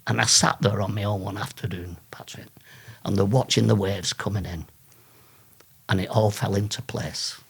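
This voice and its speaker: A man from England, a guest telling lively anecdotes in an interview and laughing often. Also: fairly low pitch, moderate pace, creaky, husky. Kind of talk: storytelling in an interview.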